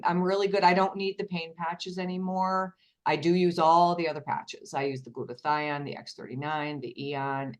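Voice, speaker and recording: A woman casually sharing her story as a guest, chatty and self-deprecating. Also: fairly low pitch. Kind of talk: casual chat.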